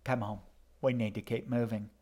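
A shifty, sardonic boy guide from a storybook, answering everything with dry sarcasm, as a man reads him. He stays near the reader's own mid-pitched voice, flat and unimpressed. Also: normal speed, close to an everyday voice.

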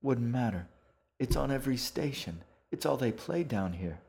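A man's voice: mid-range voice, expressive, normal speed, gravelly, a little mellow, slightly rough, voice pushed up. A man voicing a weary, glum male dragon who smokes and grumbles. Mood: grumbling.

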